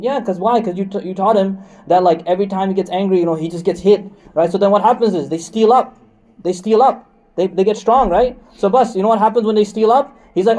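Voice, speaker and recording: Fast-talking joking male preacher. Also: high voice, mellow, rough recording. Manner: joking, conversational, asks the crowd questions. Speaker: Islamic preacher giving Quran commentary. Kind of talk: lively sermon to a congregation.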